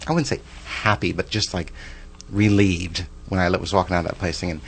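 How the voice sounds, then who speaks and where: Chatty low-voiced man in his forties. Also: fairly even intonation, fairly quick, gravelly, slightly rough. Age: 40s. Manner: chatty and rambling, with frequent restarts and side remarks. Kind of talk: casual personal storytelling.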